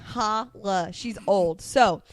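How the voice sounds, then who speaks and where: A woman's voice: medium pitch, takes it slowly. A young woman co-hosting a podcast in casual chat, teasing and laughing often. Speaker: podcast co-host.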